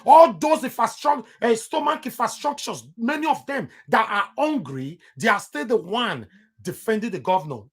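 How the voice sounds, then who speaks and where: A man's voice: very high-pitched, sing-song, moderate pace, husky. A man with a Nigerian accent giving heated political commentary on his vlog, emphatic and repeating himself for stress.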